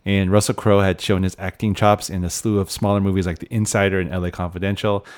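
Brief: man, 40s, very low voice, relaxed podcast host steering a movie talk. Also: fast. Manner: steers the talk, hands off questions. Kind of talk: casual film review chat.

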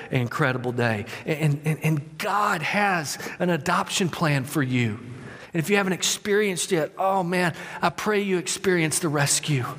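A man preaching a sermon in a high, lively voice, repeating himself as he builds and calling on the congregation to answer. His words ring out with the long reverb of a large church hall. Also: husky. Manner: animated, repeats words, talks directly to congregation. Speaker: pastor.

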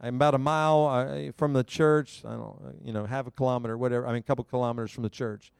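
Clear-voiced, animated man preaching. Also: medium pitch, fast, no echo, studio quality. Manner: animated, self-mocking storyteller who laughs often. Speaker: pastor. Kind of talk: sermon with personal storytelling. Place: church service before a live congregation.

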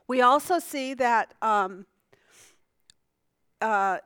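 A woman's voice: on the high side, drawn-out words, a bit bright, clean tone, no echo. A woman teaching a conversational Bible lesson. She asks the class questions, answers them herself and often restarts her sentences.

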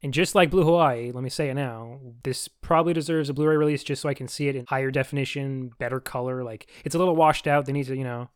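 A man's voice: medium pitch, steady tone, quick pace, few pauses, clean tone, no room sound, studio quality. A man co-hosting a casual podcast, talking in a chatty, jokey, rambling way. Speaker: podcast co-host. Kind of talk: casual chat.

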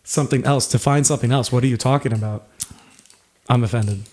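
A man's voice: medium pitch, steady tone, a little fast, darkish tone. A man co-hosting a casual podcast with friends, wry and self-deprecating as he joins in the jokes. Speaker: podcast co-host. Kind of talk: joking banter.

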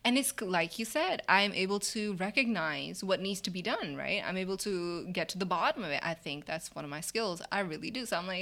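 Woman, slightly low pitch, candid and animated, quick to laugh, acting out quotes in casual conversation. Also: gravelly.

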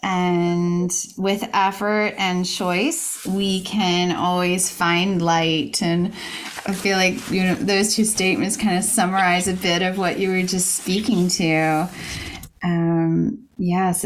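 Slow, halting woman interview host. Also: on the low side, flat delivery, slight background noise, poor audio. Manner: slow, halting, appreciative, with many fillers.

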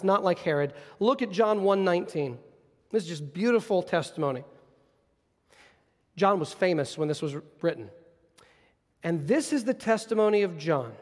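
A male pastor delivering a sermon in an earnest, explanatory way, with frequent restarts, in a church. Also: high-pitched. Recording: long reverb of a large hall.

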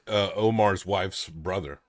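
A man's voice: deep voice, takes it slowly, dry recording, studio quality. A young man hosting a casual movie review chat, rambling with lots of fillers and swearing. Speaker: podcast host.

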